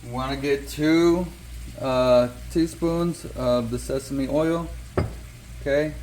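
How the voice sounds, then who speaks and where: A man's voice: mid-range voice, slow pace, darkish tone, a little hiss or hum, rough recording. A man hosting a home cooking video, talking casually and checking in with viewers with a frequent "okay?". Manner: chatty, says "okay?" often. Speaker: cooking channel host.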